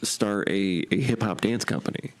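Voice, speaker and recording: A man's voice: lowish voice, moderate pace. A man hosting a podcast, asking short, casual questions of his guest. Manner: short encouraging responses and questions. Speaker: podcast host. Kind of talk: casual interview.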